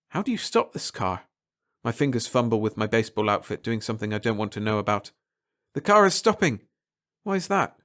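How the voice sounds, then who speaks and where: Expressive man reading a story. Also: medium pitch. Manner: expressive, swinging from hushed to excited. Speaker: audiobook narrator. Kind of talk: dramatic first-person story reading.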